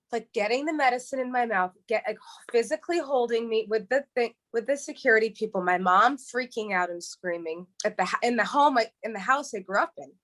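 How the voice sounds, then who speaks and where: A woman from New York, a podcast guest, speaking earnestly in a halting way, with frequent restarts and repeated words. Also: on the high side, fairly bright tone. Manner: heartfelt and earnest. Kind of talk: emotional interview, candid storytelling.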